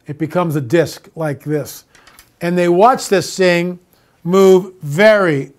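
A man hosting his own show, delivering an exasperated, ranting monologue and then telling a story. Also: high-pitched. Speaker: show host. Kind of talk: opinionated monologue.

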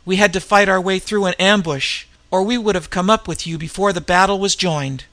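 Brief: a man playing a bearded northern fighter, gruff, louder and a bit higher. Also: steady tone, brisk, no echo. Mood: urgent. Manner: gruff, grunting. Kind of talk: audiobook reading.

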